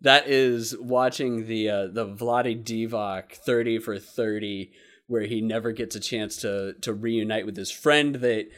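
A man talking casually about a show, animated, swearing freely and laughing often. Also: lowish voice, measured pace. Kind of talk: casual chat.

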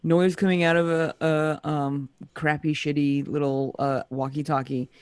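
A man's voice: fairly high pitch, level tone, measured pace, smooth, no echo. A man co-hosting a casual podcast, dry and sarcastic, swearing freely. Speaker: podcast co-host. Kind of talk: casual chat.

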